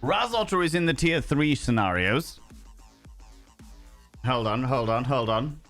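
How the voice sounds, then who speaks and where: A man's voice: medium pitch, animated, unhurried, fairly bright tone, soft background music. A man streaming a game live, ill with a cold, chatting to viewers in a playful, sing-song, flamboyant way. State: sick with a cold.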